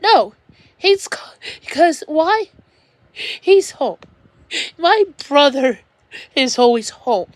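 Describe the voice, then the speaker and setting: A woman talks at length from home during a personal livestream. Her voice sits a little high and she speaks slowly. She rambles, keeps restarting her sentences and sounds upset throughout, recorded dry and close. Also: sing-song, no echo. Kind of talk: emotional personal livestream monologue.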